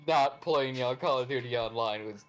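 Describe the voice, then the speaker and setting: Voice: mid-range voice, moderate pace, music in the background. Laid-back joking stream guest. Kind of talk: casual chat.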